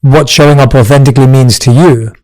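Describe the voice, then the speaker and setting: A man hosting a podcast interview, calm and attentive, asking reflective questions. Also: medium pitch, a little fast, poor audio. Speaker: podcast host.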